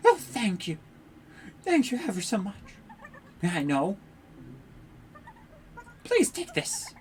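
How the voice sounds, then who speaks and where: A woman voicing a worried village mother who pleads for help in a high, fretful voice. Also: wildly swooping pitch, slow, darkish tone, a little hiss or hum. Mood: grateful.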